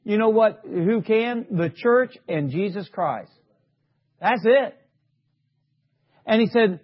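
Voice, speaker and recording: A man with a strikingly high voice delivers a fervent sermon at an unhurried pace. He keeps asking his congregation rhetorical questions and rises to shouts. The recording is dull and lo-fi. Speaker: preacher.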